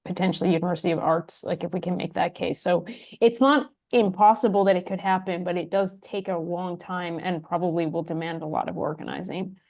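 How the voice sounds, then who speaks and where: A woman explaining refund precedents in an online teach-in, informative and slightly halting. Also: lowish voice, steady tone, gravelly, darkish tone. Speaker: debt organizer. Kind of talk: explaining in a meeting.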